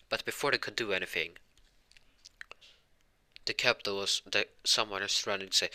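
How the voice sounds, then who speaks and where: A man's voice: on the low side, normal speed, pauses often, pushed and bright. A man telling a fan fiction story casually, rambling and correcting himself as he goes.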